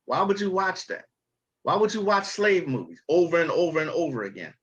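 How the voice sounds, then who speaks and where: A man with a slightly high voice rants casually in a vlog clip. He speaks bluntly and hammers his points with emphasis. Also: sing-song, a little fast, a bit bright, lo-fi sound.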